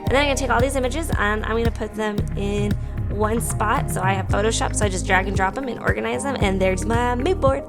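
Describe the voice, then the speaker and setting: With loud music playing behind her, a young adult art teacher and channel host chats to kids in a quick, mid-range voice. She's bubbly and jokey, talks to herself, and keeps the vlog playful and casual.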